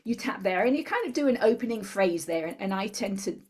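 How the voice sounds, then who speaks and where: A woman guest in an interview, calmly explaining a tapping technique step by step. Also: mid-range voice, fairly quick, breathy edge. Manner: calm step-by-step instructor. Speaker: guest, tapping therapy practitioner.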